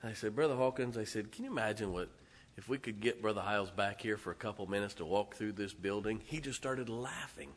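A man preaching a sermon as pastor, emphatic and laughing between lines, swinging from loud to soft. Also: fairly low pitch, brisk. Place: large church auditorium. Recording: long hall reverb.

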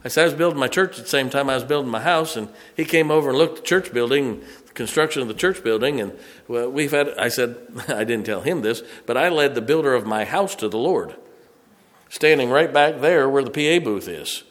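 A man preaching a sermon as pastor, rising to loud emphasis on scripture and dropping into folksy, chatty asides. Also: mid-range voice, expressive, brisk, big-room sound. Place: church sanctuary.

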